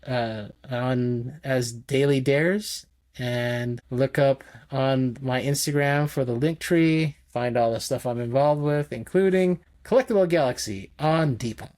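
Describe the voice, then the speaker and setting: A man's voice: medium pitch, measured pace, darkish tone, no echo. A man chats casually as a podcast guest, wandering through his thoughts and correcting himself as he goes. He laughs while retelling favorite scenes. The sound is dry and close, with no room around him.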